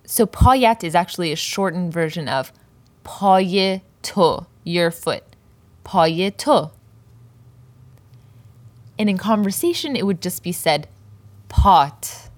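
Woman teaching slowly in a dry booth. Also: on the low side, animated, no room sound. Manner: slow, careful pronunciation of example words. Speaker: Persian language teacher. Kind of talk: scripted poetry lesson.

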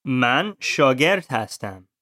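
A man's voice: mid-range voice, big pitch swings, sharp tone, dry recording, clean studio sound. A man learning a language, carefully repeating phrases after his teacher. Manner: careful, deliberate repetition of phrases. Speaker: language student. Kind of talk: language lesson repetition.

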